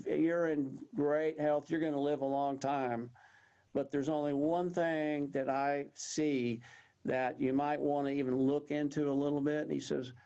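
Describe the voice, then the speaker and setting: A Texan man in his sixties tells a rambling personal story in a folksy way, acting out the lines of the people in it. His voice sits a little high but sounds warm and mellow. The recording is dull and lo-fi. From Texas. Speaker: guest. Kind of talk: storytelling in an interview.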